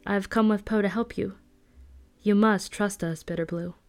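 A woman's voice: medium pitch, steady tone, normal speed, darkish tone, soft background music, lightly acted. A woman voicing a bold young female fighter who speaks firmly and reassuringly. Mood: steady. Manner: firm, reassuring.

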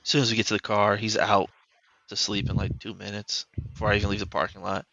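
A man with a low, gravelly voice chats casually, rambling and stringing his thoughts together with "like". His tone is bright and forceful, and the sound is close and dry, with no room echo. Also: flat delivery, fast. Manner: loose and rambling, heavy use of "like". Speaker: podcast host; father. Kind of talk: casual storytelling chat.

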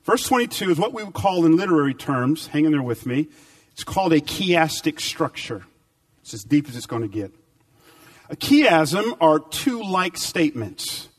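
A man preaching a sermon with emphatic repetition, swinging between loud, high bursts and low, quiet stretches. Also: sing-song, moderate pace, far from the mic. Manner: dynamic, emphatic repetition with big swings in pitch and volume.

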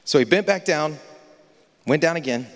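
Impassioned preacher in a reverberant hall. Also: male voice, on the high side, expressive, normal speed. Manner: dramatic, swings from hushed near-whispers to loud impassioned preaching. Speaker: pastor. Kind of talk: sermon. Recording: long reverb of a large hall.

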